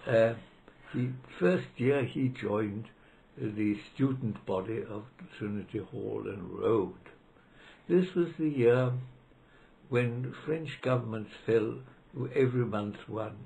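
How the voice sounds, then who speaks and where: A man's voice: mid-range voice, takes it slowly, creaky, mellow, poor audio. Man in his nineties. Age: 90s. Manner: hesitant, with many fillers and restarts. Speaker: interviewee, retired law professor. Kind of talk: reminiscing interview. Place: library room.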